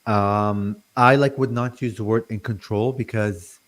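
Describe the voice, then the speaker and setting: A man's voice: lowish voice, steady tone, unhurried. A man in his forties from Lebanon, a guest on an interview show, who stutters and leans heavily on fillers and restarts. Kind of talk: casual interview talk.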